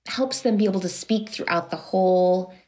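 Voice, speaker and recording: A woman coach talks about voice and confidence as a guest, her voice a little low. She explains at length in an animated way and slips into quoted thoughts to make her points. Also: moderate pace.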